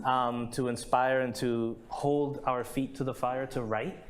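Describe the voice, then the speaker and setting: A man's voice: medium pitch, level tone, measured pace. A man moderating a live poetry session, introducing and honoring the featured poet in an effusive, chatty way with frequent laughs and fillers. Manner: warm, effusive, laughing often with many fillers. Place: live literary event venue. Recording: live event recording with background noise.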